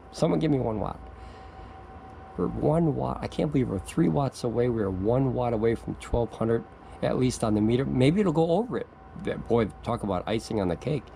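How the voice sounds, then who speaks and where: A man's voice: mid-range voice, vocal fry, mellow, slight background noise, rough recording. A man making an off-the-cuff product review video outdoors, rambling and stammering, getting giddy and laughing as he talks.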